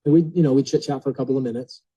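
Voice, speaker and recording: A man telling an animated story to a group, casual and full of filler words, acting out the people in it. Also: medium pitch, racing, breathy edge, dry recording, highs cut off. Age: adult. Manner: lively, acts out quoted voices, casual filler words. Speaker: speaker telling a real estate story to a group.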